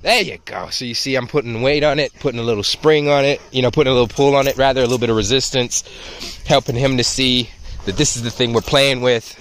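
A man teaching dog training outdoors, explaining in a relaxed way with frequent ums and restarts. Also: mid-range voice, fast. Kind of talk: casual outdoor instruction.

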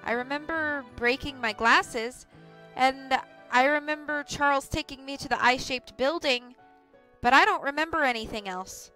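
A woman reading aloud, voicing a dazed young boy who answers quietly and vacantly. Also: high-pitched, soft background music. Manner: quiet, slow, flat and vacant.

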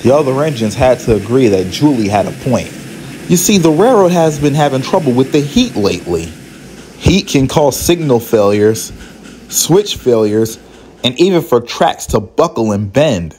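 A man giving scripted storybook narration in an expressive way. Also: mid-range voice, normal speed, slight background noise. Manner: expressive, performs all the characters.

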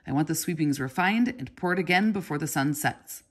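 A woman reading aloud, voicing a gruff, scowling male head craftsman who scolds loudly and impatiently. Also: low-pitched, animated, normal speed. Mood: scolding.

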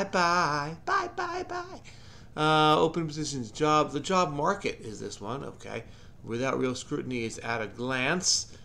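A man's voice: mid-range voice, gravelly, fairly bright tone, slight background noise. A man hosting a crossword-solving channel, thinking aloud in a frenetic, rambling way with lots of mumbled asides. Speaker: crossword solver, channel host.

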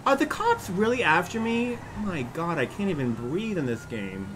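A young man casually commenting as he plays a video game, animated and prone to shouting at what happens on screen. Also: high voice, normal speed, noisy background. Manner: animated, exclaims and yells at the game. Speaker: gaming YouTuber.

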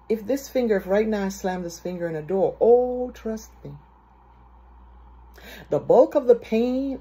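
Woman preaching with a dark husky voice. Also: on the low side. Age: adult. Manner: lively storytelling, acts out excited quotes. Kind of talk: sermon.

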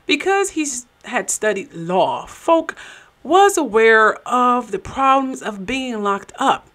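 A woman's voice: a little high, lively intonation, takes it slowly, fairly bright tone. A woman hosting and narrating a commentary show, with sarcastic, skeptical asides. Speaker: show host.

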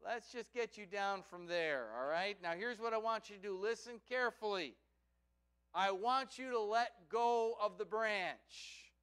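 Man doing god talking down from above, calm, slow, patient. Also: sits high, clear, resonant tone.

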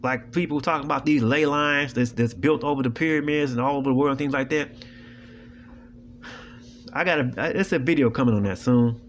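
Over slight background noise, this video host speaks a little fast in a mid-range voice. His casual monologue to viewers is blunt, preachy and full of profanity, and he keeps asking "you know what I'm saying".

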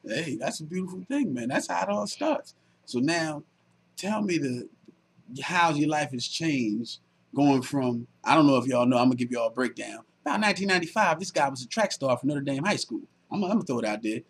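A man with a New Jersey accent hosting a casual TV interview, joking and animated with his guest. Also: a little high, a little fast, slightly rough. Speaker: talk show host.

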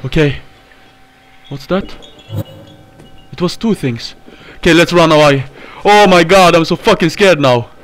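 Panicky high-voiced young man screaming. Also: unhurried, long pauses, a bit bright. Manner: panicky, swears and screams often. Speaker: gaming YouTuber. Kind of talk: horror game playthrough commentary.

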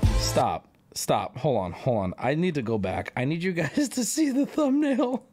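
A man hosting a live stream, reacting loudly to clips, swearing and laughing often as he talks to his chat. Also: a little high, sing-song, normal speed, faint music behind. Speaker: streamer host.

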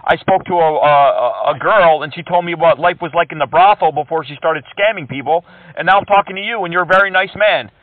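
A man's voice: on the high side, fairly quick, no echo, recorded from a distance. Taunting man on a tinny phone line. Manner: taunting, sarcastic, laughs at the other caller. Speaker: prank caller trolling phone scammers. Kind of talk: mocking prank phone call.

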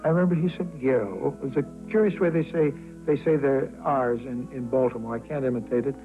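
A man's voice: medium pitch, fairly even intonation, quick pace. An older man reminiscing in an archival interview, chatty with many fillers and acting out quotes. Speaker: former band musician interviewee. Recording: tinny archival recording with music behind.

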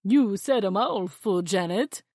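A woman voicing a frantic, excitable male mad scientist in a children's storybook reading, exclaiming loudly. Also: a little slow, no echo, studio quality. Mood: excited, manic. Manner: loud, exclaiming, with big leaps in pitch.

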